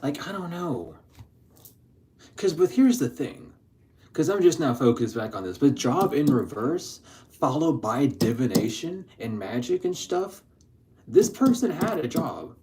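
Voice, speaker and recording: A man giving a casual spiritual tarot reading, slangy and profane, laughing often and swinging between excited bursts and low mutters. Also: unhurried, a little hiss or hum. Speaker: tarot reader.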